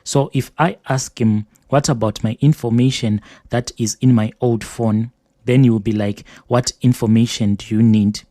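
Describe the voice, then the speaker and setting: Man, confession reader, measured first-person delivery, mellow, close and dry. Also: fairly low pitch, no echo. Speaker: host reading listener confessions. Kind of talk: reading a letter aloud.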